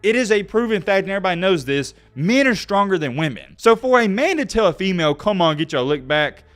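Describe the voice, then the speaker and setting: Animated male YouTube commentator. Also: high-pitched, quick pace. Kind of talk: casual commentary.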